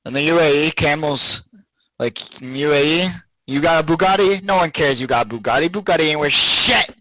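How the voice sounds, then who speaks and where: A man's voice: on the high side, fairly quick, sharp tone, low-quality recording. A man chatting casually while gaming, joking with crude banter.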